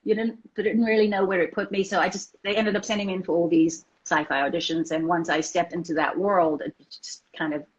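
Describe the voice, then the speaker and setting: A South African woman, an actress, chatting fast in an interview with lots of restarts. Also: lowish voice, steady tone. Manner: fast talker, many restarts. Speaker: actress guest. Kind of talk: casual interview chat. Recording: dull lo-fi audio.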